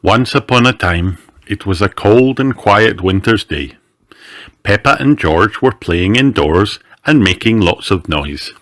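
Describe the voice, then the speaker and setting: A man's voice: lowish voice, unhurried. A man reading a children's picture book aloud, voicing every character himself. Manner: expressive, does all the character voices. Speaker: audiobook narrator. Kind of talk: children's storybook read aloud.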